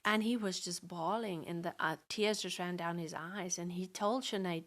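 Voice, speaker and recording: A woman's voice: lowish voice, moderate pace, hardly any pauses. Woman telling a family story with feeling. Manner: animated storytelling, acting out quotes. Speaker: guest. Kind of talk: personal testimony in conversation.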